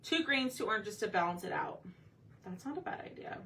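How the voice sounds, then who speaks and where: Bright-voiced woman painting live. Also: mid-range voice, animated, a little fast. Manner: chatty, thinks aloud, asks viewers for input. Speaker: craft painting host. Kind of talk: casual live painting chat. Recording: slightly distant mic with faint background noise.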